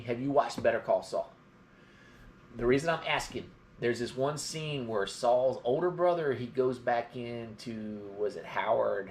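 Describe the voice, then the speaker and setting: In a casual live-stream conversation, a middle-aged man from Georgia tells rambling stories in a mild Southern drawl. He speaks at a medium pitch, and there's slight background noise.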